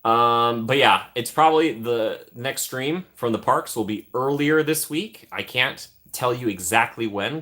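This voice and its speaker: Bright-voiced guy chatting with stream chat. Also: mid-range voice. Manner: jokey, thanks chat often, trails off into asides. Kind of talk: casual live-stream chat reading comments.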